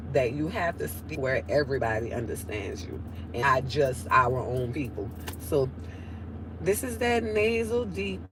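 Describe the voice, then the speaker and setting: A woman's voice: sits low, noisy background. A nasal-voiced woman with a New Orleans accent chatting casually on a livestream, reading out viewer comments in a drawling way. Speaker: livestream host.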